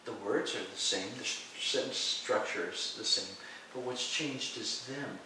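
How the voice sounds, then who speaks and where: Male mystic teacher, animated storyteller, recorded from a distance in a reverberant room. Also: measured pace. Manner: animated storyteller, acting out voices in a high shout. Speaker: guest teacher of Taoist mysticism. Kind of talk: storytelling interview. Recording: echoey room, distant mic, faint hiss.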